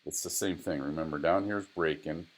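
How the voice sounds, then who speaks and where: Low-voiced man explaining lap data. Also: a little fast. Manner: casual, repeats phrases, talks to the software. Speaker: driving data instructor. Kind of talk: screen-recorded data analysis tutorial.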